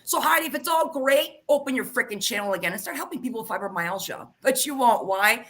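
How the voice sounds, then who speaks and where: Animated, heated woman ranting. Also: on the high side, quick pace. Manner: heated, profane, calls people out. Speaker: livestream host. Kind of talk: angry livestream rant.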